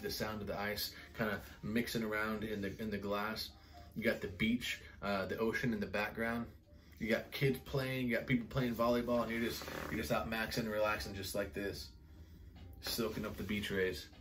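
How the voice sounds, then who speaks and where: A man casually reviewing perfumes in a vlog, excitable and rambling, full of "like" and "guys". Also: lowish voice, slight background noise. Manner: excitable, enthusiastic, rambling with many "like"s. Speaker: fragrance reviewer.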